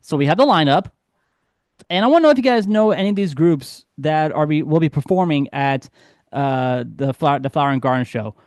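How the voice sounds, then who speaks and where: A man's voice: a little high, a little mellow, no room sound, studio quality. A man hosting a podcast in casual chat, rambling and correcting himself, laughing easily. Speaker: podcast host.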